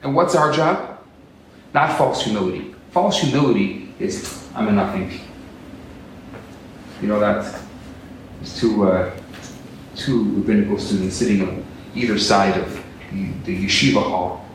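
A man preaching a sermon as a rabbi, animated and acting out quotes in different voices. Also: fairly low pitch, unhurried, long pauses, slight background noise. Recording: echoey room, distant mic.

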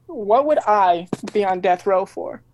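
A man's voice: high voice, expressive, unhurried, slight background noise. A man in a band, chatting playfully and cracking jokes in a casual interview. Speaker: band member. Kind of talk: casual chat.

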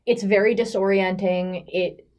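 A woman's voice: mid-range voice, steady tone, unhurried, a little mellow. A woman playing a tabletop role-playing game, describing her character with many fillers and restarts. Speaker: player.

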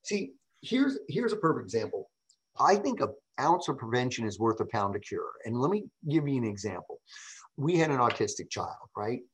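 Heard on a low-quality recording, a middle-aged podcast guest and public speaker recounts stories during a casual interview. His manner is lively and emphatic, punctuated by frequent "right?" questions, with a mid-range voice at moderate pace.

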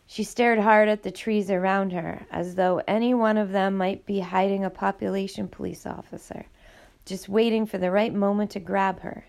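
A woman reading a novel aloud as audiobook narrator, in a steady, measured way with a gravelly voice. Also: mid-range voice. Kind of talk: scripted narration.

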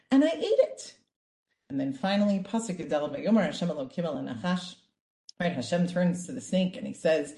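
A woman teaching an online Bible class, talking in a lively way and checking in with "right?" over and over. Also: lowish voice. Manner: lively, asks "right?" often. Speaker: Torah teacher. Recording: echoey room.

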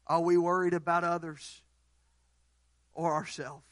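A young man preaching a sermon, building through repeated phrases toward passionate shouts. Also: high-pitched, fairly even intonation, unhurried, dry recording. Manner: impassioned, repetitive cadences building to shouts.

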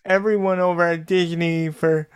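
A man hosting a casual interview, speaking in an unhurried and affirming way to a friend who is his guest. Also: a little high, level tone, clean tone. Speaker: podcast host.

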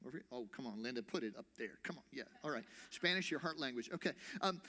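A man's voice: mid-range voice, lively intonation, quick pace, pushed and bright. A man preaching to a congregation, asking them questions directly. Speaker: pastor. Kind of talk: sermon. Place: church.

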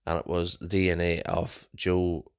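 A young man hosts his own podcast solo, his voice sitting a little low. He chats casually and rambles through stories, often restarting and correcting himself mid-sentence. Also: monotone, normal speed, vocal fry, smooth. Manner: chatty storyteller, frequent restarts and self-corrections. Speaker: podcast host.

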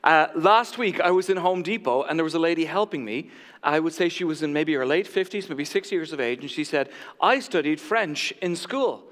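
High-voiced joking male pastor. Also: brisk, fairly bright tone, big-room sound. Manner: jokey, self-mocking storyteller. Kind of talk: sermon. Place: church sanctuary.

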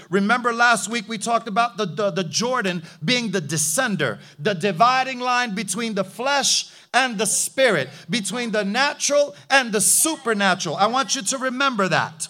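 Brief: emphatic male preacher with a very high, bright, forceful voice. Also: moderate pace, hardly any pauses. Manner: emphatic, rhetorical, calls for amen. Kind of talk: sermon.

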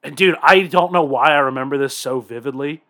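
A young man co-hosting a podcast, chatting casually and telling animated, profane stories. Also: medium pitch, fairly quick. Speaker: podcast co-host. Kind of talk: casual chat.

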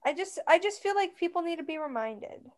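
A woman's voice: very high-pitched, expressive, a little fast. A young woman co-hosting a casual podcast, blunt and slangy with a joking edge. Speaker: podcast co-host. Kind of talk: casual chat.

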